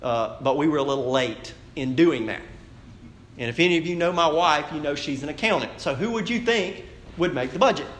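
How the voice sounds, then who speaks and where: The pastor, a married adult man, preaches a sermon in an echoey church sanctuary, his voice on the high side, animated, fairly quick and fairly bright. He tells a personal story in a conversational style, speaking directly to the congregation.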